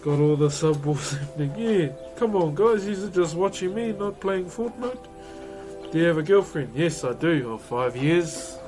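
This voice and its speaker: A man's voice: on the high side, animated, moderate pace, over music. A young man with a New Zealand accent chatting casually while streaming, joking, swearing and laughing often as he carves wood. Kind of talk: casual live-stream chat.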